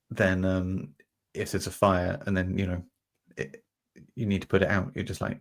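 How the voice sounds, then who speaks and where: A man with a fairly low voice and a noticeable gravelly fry talks through an idea on a podcast. He rambles, restarts his sentences and leans on simple everyday examples. The delivery is casual and conversational. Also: little pitch movement, normal speed, long pauses. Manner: meandering, many fillers and restarts, explains through homely examples. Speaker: podcast host. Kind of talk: reflective conversational explanation.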